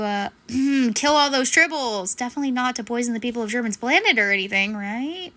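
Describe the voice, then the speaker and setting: A woman records reaction commentary fairly quickly with hardly any pauses, her slightly high voice pushed, bright and lively in intonation. Chatty and sarcastic, she swears and laughs frequently, and the recording has noticeable background noise.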